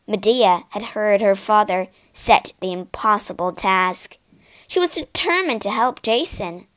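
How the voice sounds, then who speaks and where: A woman narrating a storybook for English learners, reading slowly, clearly and expressively. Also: medium pitch, lively intonation, a bit bright.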